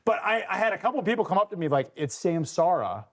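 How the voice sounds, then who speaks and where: A man's voice: high-pitched, lively intonation, rapid-fire, creaky, fairly bright tone. A man hosting a show, talking in a chatty, casual way and often restarting his sentences. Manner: chatty, repeats words when starting sentences. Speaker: show host. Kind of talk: casual chat.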